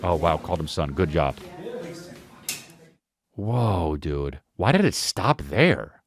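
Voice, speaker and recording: A man hosts a podcast, riffing on clips in a profane, excitable way full of half-finished restarts. His voice is fairly low but swings widely in pitch. The sound is dry and close-miked, with no room around it. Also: slow, no room sound. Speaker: podcast host. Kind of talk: casual comedic riffing on viral clips.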